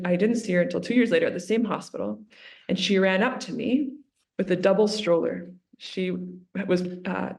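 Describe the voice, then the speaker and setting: A woman, a religious sister, talking earnestly in an interview and retelling a story with lively quotes. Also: lowish voice, gravelly.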